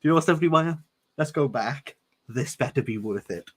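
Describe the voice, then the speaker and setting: A man's voice: on the high side, lively intonation, brisk, a bit bright, breathy edge. A man reading a novel aloud and breaking off for sarcastic, jokey commentary. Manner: sarcastic, jokey asides between read passages. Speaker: book reviewer reading aloud. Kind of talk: casual read-along with commentary.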